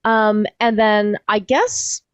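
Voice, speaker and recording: A woman's voice: mid-range voice, fairly even intonation, slow pace, clean tone, no room sound. A woman who is a player in a streamed tabletop game, chatting in a wry way and giggling often. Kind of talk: casual chat at the end of a streamed tabletop game. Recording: dull, dry lo-fi sound.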